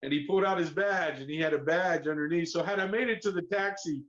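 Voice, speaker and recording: Animated Southern-accented storyteller, man. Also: fairly high pitch, fast talker. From Miami, Florida. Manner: animated storyteller who acts out quoted voices. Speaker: guest. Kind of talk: storytelling interview. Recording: slightly muffled podcast audio.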